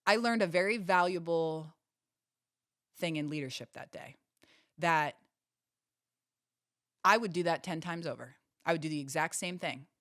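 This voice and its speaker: A woman's voice: low voice, measured pace, pauses often, fairly bright tone, no echo, studio quality. A woman hosting a podcast, telling a personal story in an earnest, emphatic way and repeating phrases for stress. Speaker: podcast host.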